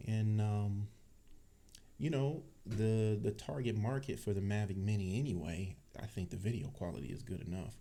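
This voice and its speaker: A man from Cleveland chats loosely on a livestream, relaxed and easygoing with a lot of laughter. His voice sits low and sounds mellow, with a deep bassy weight to it. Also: normal speed. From Cleveland, Ohio. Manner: laid-back, chatty, laughs often. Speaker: tech channel host. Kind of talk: casual livestream chat. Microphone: desk microphone.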